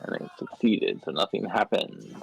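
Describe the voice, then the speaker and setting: A man's voice: lowish voice, normal speed, vocal fry, a bit bright, faint music behind, rough recording. A man playing a tabletop game, speaking hesitantly with many fillers as he decides his turn. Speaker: player.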